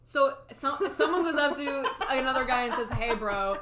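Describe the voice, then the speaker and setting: A woman's voice: high-pitched, fairly even intonation, a little fast, sharp tone, a little hiss or hum. A woman co-hosting a podcast, chatting casually and poking fun at a movie with easy laughs. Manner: wry, laughs easily, mocks the film. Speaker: podcast co-host. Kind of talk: casual chat reviewing a movie.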